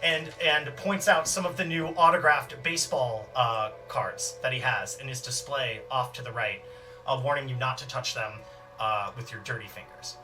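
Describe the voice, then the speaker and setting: Gm guy rambling thru a scene, lots of uhs, bright voice, bit far from mic. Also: mid-range voice, normal speed, faint music behind. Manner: rambling, full of fillers. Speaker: game master. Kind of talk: narrating a tabletop game.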